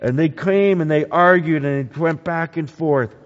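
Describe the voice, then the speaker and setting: A man preaching a sermon, animated, asking the congregation questions. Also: a little high, moderate pace. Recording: echoey hall, dull lo-fi sound.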